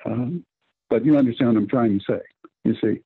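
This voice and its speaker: Husky guy preaching on radio, stops and restarts a lot, keeps saying you see, sounds like a phone line. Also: mid-range voice, fairly quick. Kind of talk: radio Bible teaching.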